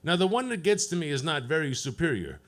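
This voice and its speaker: A man doing a profane stand-up set at an open mic, deadpan and teasing the crowd. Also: a little high, fast talker. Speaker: stand-up comedian. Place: comedy club stage.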